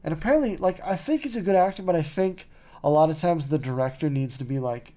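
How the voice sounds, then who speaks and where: Mellow-voiced man rambling casually as podcast host. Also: on the high side, quick pace. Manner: rambling and offhand, full of "like" and "you know"; wry, mocking asides. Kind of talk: casual chat.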